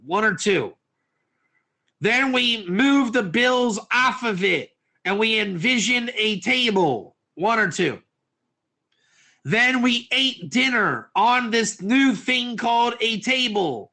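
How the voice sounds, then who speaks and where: A man teaching a lively class, constantly quizzing his listeners and mixing Hebrew terms into his English. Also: high voice. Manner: animated, quizzes listeners, asks for answers. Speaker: Torah teacher.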